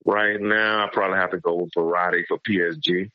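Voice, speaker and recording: A man's voice: deep voice, steady tone, fairly quick, dry recording, dull audio. A man in his forties in casual chat, opinionated and repeating words as he finds his point. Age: 40s. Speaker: podcast guest.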